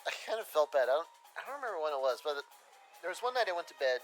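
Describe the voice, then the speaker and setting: A man's voice: a little high, big pitch swings, racing, soft background music, rough recording. A man chatting casually and laughing often while streaming a game. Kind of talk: casual gaming stream chat.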